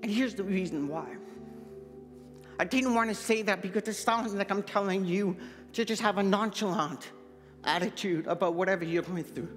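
Soft background music accompanies a pastor from Manitoba, Canada, as he shares his earnest testimony in a sermon, speaking with a deaf accent typical of hard-of-hearing speech. His high voice moves at a moderate pace, trailing a long reverb through the church sanctuary.

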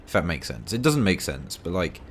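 A man's voice: deep voice, big pitch swings, normal speed, slight background noise. A man giving rambling, self-mocking commentary while playing a tank game, full of dry asides. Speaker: gaming video creator.

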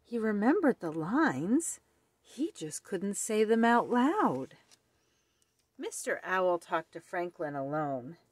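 A woman reading a children's picture book aloud in a slow, expressive storytelling manner. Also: medium pitch, breathy edge, dry recording.

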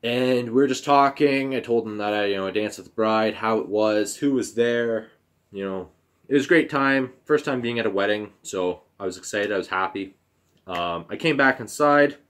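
A young man telling a personal story on his own channel, halting and emotional, with fillers, restarts and casual swearing. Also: lowish voice, fairly bright tone. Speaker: vlogger.

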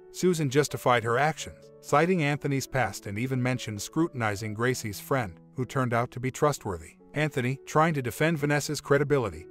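Man narrating a story over soft music. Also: medium pitch. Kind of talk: scripted narration. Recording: faint music behind.

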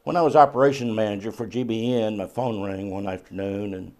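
A man's voice: lowish voice, steady tone, fairly quick, a little mellow. A man presenting a short devotional segment on a religious TV program, telling a self-deprecating story in a folksy manner. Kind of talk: scripted devotional talk with anecdotes.

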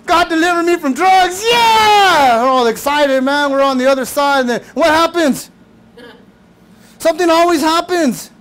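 A male pastor preaching a sermon, animated and casual, with shouted bursts and playful mock voices. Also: very high-pitched, normal speed. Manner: casual slangy talk.

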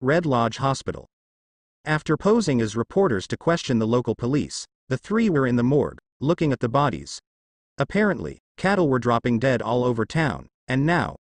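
A man narrating a fan fiction story in an expressive reading style. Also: mid-range voice, no room sound.

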